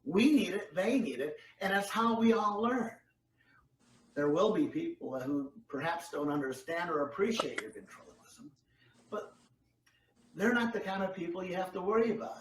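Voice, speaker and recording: A man's voice: high-pitched, expressive, moderate pace. A man performing a comedy ventriloquism act, telling stories in an upbeat, encouraging way. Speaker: guest ventriloquist. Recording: echoey room, distant mic, faint noise.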